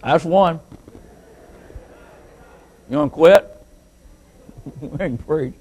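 A man preaching to a church congregation, mixing joking asides with slow, loud scripture reading. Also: a little high, husky. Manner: joking asides, then declaiming scripture slowly and loudly. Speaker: pastor. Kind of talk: sermon with jokes and scripture reading.

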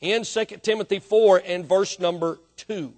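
Male pastor, high voice, emphatic sermon delivery, quiet to loud swings. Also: fairly even intonation, moderate pace.

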